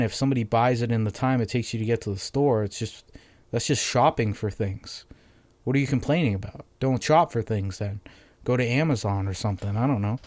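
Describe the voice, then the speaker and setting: A man's voice: mid-range voice, darkish tone, no echo. A young man with a Massachusetts accent hosting a casual solo podcast, ranting bluntly with lots of swearing. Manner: profane, rambling, blunt. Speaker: podcast host.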